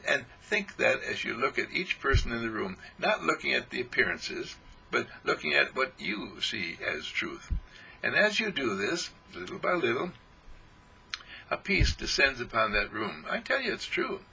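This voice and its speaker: A man's voice: medium pitch, very animated, measured pace, creaky, sharp tone, low-quality recording. A man giving an inspirational spiritual talk, speaking in repetitive, soothing affirmations. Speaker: spiritual teacher.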